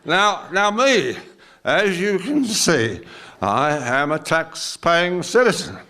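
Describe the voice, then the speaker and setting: A man's voice: fairly high pitch, big pitch swings, slow pace, exaggerated voice. Old man playing a crude drunk Aussie old-timer. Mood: mocking. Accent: Australian. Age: 70s. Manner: slurred, abusive, shouty heckling. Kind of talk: performance poetry monologue.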